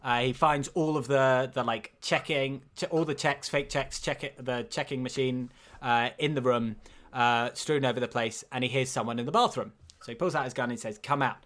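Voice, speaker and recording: A man's voice: medium pitch, fairly even intonation, normal speed, fairly bright tone. A man recapping a film in casual chat, rambling with many fillers and acting out lines. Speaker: podcast co-host.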